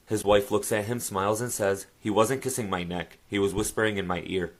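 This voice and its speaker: Brief: man with a lowish voice narrating a joke. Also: steady tone, fairly quick, few pauses. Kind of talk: telling a joke story.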